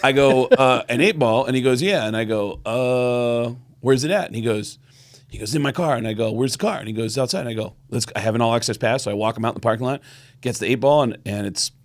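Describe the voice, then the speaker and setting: A middle-aged co-host on a podcast talks quickly in a medium-pitched voice. He tells stories casually and animatedly acts out the voices of those involved.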